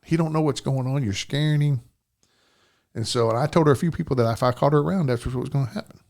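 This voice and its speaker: Older guy, gravelly voice, rambling through a family story on a podcast, keeps saying you know what i'm saying. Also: medium pitch, quick pace, darkish tone. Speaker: podcast guest. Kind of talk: telling a personal story in an interview.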